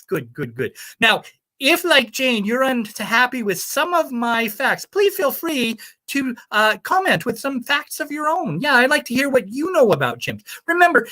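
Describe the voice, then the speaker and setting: A rambling, cheerfully misinformed self-proclaimed primatologist, played by a woman calls bingo numbers in a put-on accent that slides toward the American South. Her voice sits a little high and swoops all over the place as she drifts from one tangent to the next. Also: sharp tone, exaggerated voice. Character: scatterbrained self-proclaimed primatologist woman, sister of a famous chimp expert. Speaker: bingo caller. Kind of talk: comic live-stream character bit.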